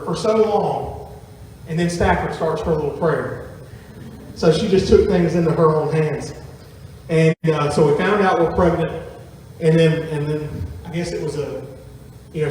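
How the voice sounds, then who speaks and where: A man's voice: fairly high pitch, a little mellow, a little hiss or hum. A man, a pastor telling a family story in a folksy sermon to his congregation. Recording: echoey hall from far off.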